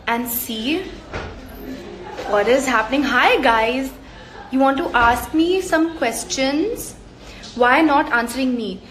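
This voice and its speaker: A young Indian woman with a fairly high voice chats on a fan live stream, reading comments aloud and laughing easily. Her voice comes from a phone in a roomy, echoing space with a faint hiss behind it. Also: a bit bright. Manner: bubbly and chatty, laughs easily, sends hugs and kisses. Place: indoor room away from home, on a work day. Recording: echoey room on a phone stream.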